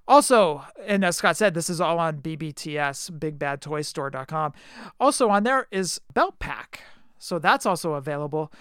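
A man's voice: on the high side, animated, moderate pace, a bit bright, clean tone, no echo, clean studio sound. A man co-hosting a podcast, chatting casually and teasingly about collectible figure news. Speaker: podcast co-host.

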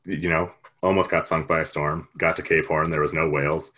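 A man's voice: rumbling low, level tone, a little fast, sharp tone, breathy edge. A man retelling a story in casual chat, rambling and jokey, with lots of fillers.

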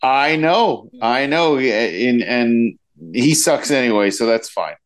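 Animated, rambling man co-host. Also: medium pitch. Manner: rambling, halting, laughs easily. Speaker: podcast co-host. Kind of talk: casual chat.

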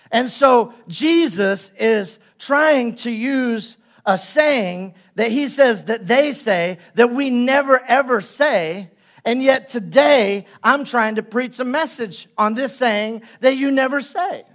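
A man's voice: extremely high pitch, takes it slowly, a bit bright. A male pastor delivering a conversational sermon, acting out little scenes and jokes to make his point. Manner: conversational preaching with playful acted-out asides.

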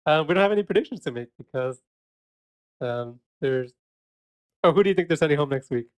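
A man co-hosting a podcast, chatting casually, laughing often and filling pauses with "um" and "uh". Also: a little high, expressive, clear, resonant tone. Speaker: podcast co-host.

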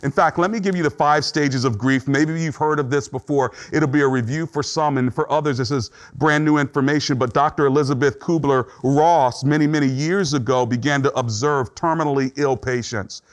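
A man's voice: medium pitch, fairly quick, few pauses. A middle-aged man preaching a sermon in an earnest, conversational way, acting out short quotes as he teaches. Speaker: pastor.

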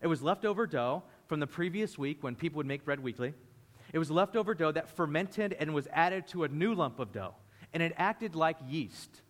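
A man preaching a lively sermon, often acting out the voices of the people in the story. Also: fairly high pitch. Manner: animated, acts out voices of disciples. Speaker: pastor. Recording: reverberant hall.

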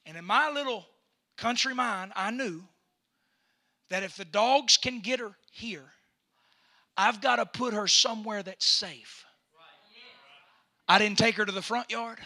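Male preacher, high and piercingly bright; storyteller who climbs to shouting. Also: normal speed, long pauses. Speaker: pastor. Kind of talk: sermon.

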